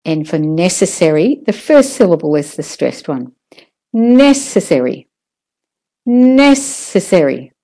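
A woman teaching English word stress in a recorded lesson, patiently modelling each word slowly. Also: sits low, big pitch swings, warm tone. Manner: slow, patient, drawn-out model words. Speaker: pronunciation teacher.

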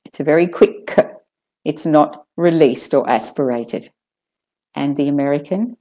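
Slow, mellow Australian woman teaching pronunciation. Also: sits low. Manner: slow, deliberate, models words repeatedly for copying. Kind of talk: pronunciation lesson.

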